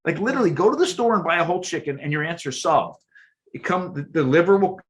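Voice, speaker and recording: A man speaks as a guest on a podcast in a fairly high voice. He explains at length in an emphatic, animated way. He often repeats a word before pushing on. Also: quick pace. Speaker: guest, archaeologist and chef.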